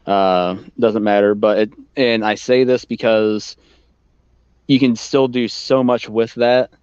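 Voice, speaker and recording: A man with a fairly low, smooth and resonant voice, chatting in a laid-back way and dropping in casual swears. He is recorded close and dry, with the sound a little dull. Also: fairly even intonation, takes it slowly, a little mellow, dry recording. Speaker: podcast co-host. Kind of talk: casual chat.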